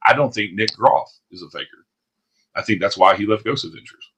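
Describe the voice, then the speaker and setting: A man's voice: lowish voice, brisk, a bit bright, a little hiss or hum. A man hosting a podcast in casual chat, talking bluntly and profanely in a ranting way. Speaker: podcast host.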